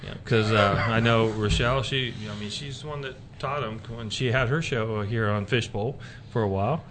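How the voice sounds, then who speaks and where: A man's voice: lowish voice, normal speed, background noise. A man hosting a casual faith talk radio show, rambling with many fillers and restarts.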